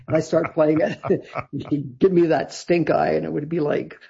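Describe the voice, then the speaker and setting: An older man from Canada, a guest songwriter and producer, telling stories in a rambling, husky way with many restarts and laughs. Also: fairly high pitch, fairly even intonation, normal speed, warm tone. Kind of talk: casual interview storytelling. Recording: dull lo-fi sound.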